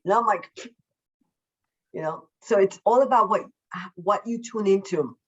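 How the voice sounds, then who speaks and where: A woman, a self-love coach, talking as a podcast guest over a video call, effusive and emphatic, deliberately slowing down her naturally quick way of speaking. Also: medium pitch, highs cut off. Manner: deliberately slowing her usual fast speech. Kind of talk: casual podcast interview.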